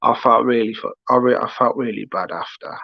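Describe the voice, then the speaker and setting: A man's voice: medium pitch, brisk, vocal fry, dry recording. Rambling Brummie man telling a story. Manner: rambling anecdote full of restarts and asides. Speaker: livestream host. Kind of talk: casual storytelling chat. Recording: dull lo-fi dry stream audio.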